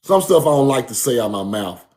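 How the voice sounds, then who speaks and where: A man's voice: mid-range voice, very animated, a little fast, darkish tone. A man giving a casual, emphatic street-style lecture, repeating his points and calling the listener bro. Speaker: speaker giving a talk.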